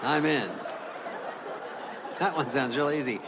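A man's voice: medium pitch, slow pace, very noisy. A man from California doing a stand-up comedy set, exasperated and profane. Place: comedy stage before an audience. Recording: reverberant hall with laughing crowd.

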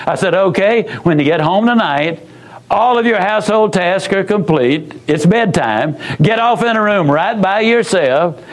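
A man with a high-pitched voice tells a story as a motivational speaker. He talks in a folksy, emphatic way, with repeated phrases and dramatic pauses. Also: lively intonation, poor audio.

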